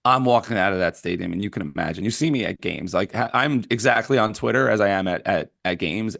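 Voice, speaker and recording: A man co-hosting a casual sports podcast, telling animated stories. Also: brisk, hardly any pauses, no echo, studio quality. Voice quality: gravelly. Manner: animated storytelling, acting out fans with sudden high yells. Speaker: podcast co-host.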